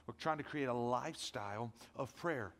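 A man preaching a sermon as pastor, energetic and conversational, with self-deprecating asides, and without a deep voice. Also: moderate pace, long reverb tail. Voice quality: not a deep voice.

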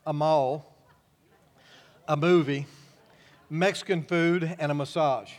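A man's voice: a little high, fairly even intonation, takes it slowly. An older man preaching a sermon in a folksy, storytelling way. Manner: folksy, warm-hearted storytelling with chuckles. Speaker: pastor. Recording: hall reverb.

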